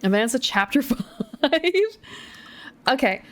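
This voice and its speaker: A woman's voice: sits high, big pitch swings, slow pace, fairly bright tone. A young woman streamer reading a choose-your-path gamebook aloud, with chatty, giggly, self-deprecating asides.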